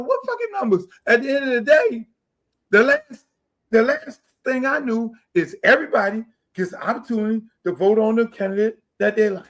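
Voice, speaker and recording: A middle-aged man hosting a podcast, ranting loudly and boastfully, with a lot of profanity. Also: extremely high pitch. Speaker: podcast host. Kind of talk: heated casual talk.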